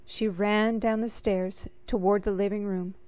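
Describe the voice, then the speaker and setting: A woman reading a children's picture book aloud, slow and expressive. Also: medium pitch, no room sound. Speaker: storybook reader.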